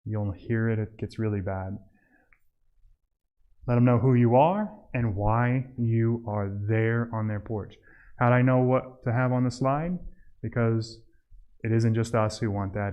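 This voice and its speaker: A man teaching a church group how to make home visits, talking casually and acting out doorstep scenes in a raised, lively voice. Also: lowish voice, unhurried, lo-fi sound. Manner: admits he mumbles when tired. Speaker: church outreach trainer. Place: church hall.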